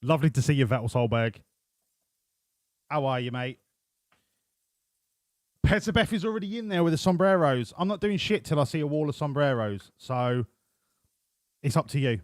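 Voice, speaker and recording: A man's voice: on the high side, expressive, moderate pace, long pauses, no echo, clean studio sound. A man streaming a racing management game, chatting sarcastically and swearing with his viewers. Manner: sarcastic, sweary banter with chat. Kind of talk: casual live-stream commentary.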